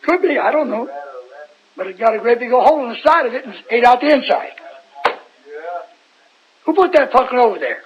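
Very high-voiced folksy preacher man. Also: expressive, brisk, long pauses. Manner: folksy, rambling, asks the congregation questions. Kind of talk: informal Bible sermon. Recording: dull lo-fi recording.

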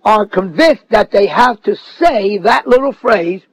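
High-pitched guy preaching, gets loud and emphatic, dry close sound. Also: expressive, measured pace, husky, no room sound, poor audio. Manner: emphatic, mocking quotes, rising to shouts. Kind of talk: sermon.

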